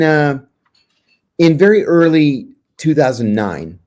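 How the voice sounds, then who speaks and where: A middle-aged man, a podcast guest, telling a long anecdote with restarts and lively acted-out quotes. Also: mid-range voice. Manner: animated storyteller, restarts and fillers, acts out quotes. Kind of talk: anecdotal storytelling in a podcast interview.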